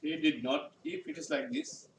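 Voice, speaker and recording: A male teacher with a Bangladeshi English accent giving a classroom grammar lesson, speaking slowly and repeating his phrases. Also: extremely high pitch, big pitch swings, vocal fry. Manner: slow, repetitive explaining, often restating phrases. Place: school classroom. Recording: echoey room, far mic, noisy background.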